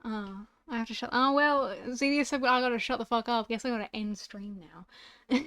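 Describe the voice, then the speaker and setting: A woman's voice: a little high, moderate pace, a bit bright, smooth, dry recording, clean studio sound. A young woman streaming a game, chatty and self-deprecating, swearing casually, with a slightly sore throat. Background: game music.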